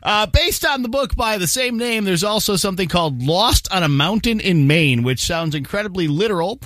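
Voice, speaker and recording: A man's voice: sits high, expressive, normal speed, a bit bright, no room sound. A man reading light news stories in a jokey, casual morning-show chat. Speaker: news segment co-host.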